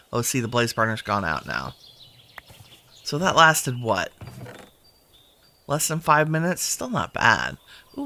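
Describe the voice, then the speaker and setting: A video host gives casual gameplay commentary, chatting and thinking aloud to himself while he sorts things. His voice is mid-range with a sharp tone.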